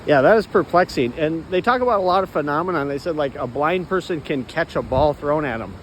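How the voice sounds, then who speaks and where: High-voiced man rambling while walking. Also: expressive, a little fast, slight background noise, low-quality recording. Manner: rambling, clears throat often. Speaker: vlogger. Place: outdoors, walking.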